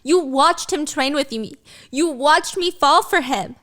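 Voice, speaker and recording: A woman's voice: sits high, unhurried, a bit bright, voice pushed up. A woman voicing a fierce young woman rider who snaps back in a raised, swearing voice. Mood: furious.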